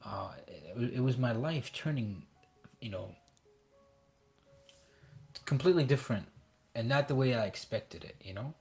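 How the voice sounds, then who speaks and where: A man's voice: medium pitch, lively intonation, vocal fry, a little mellow, soft background music. Male guest from Iraq, casual storyteller who stumbles and restarts, acts out quoted voices. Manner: halting, many restarts and fillers.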